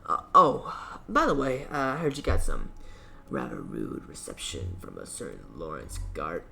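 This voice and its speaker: A man doing a slow, oily union boss. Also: very deep voice, big pitch swings, vocal fry, pushed and bright, a little hiss or hum, pitched below the performer's own voice, exaggerated voice. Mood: smooth. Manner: slow, oily, deliberately reassuring. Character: scheming smooth-talking male union boss. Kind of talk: game let's-play voice acting.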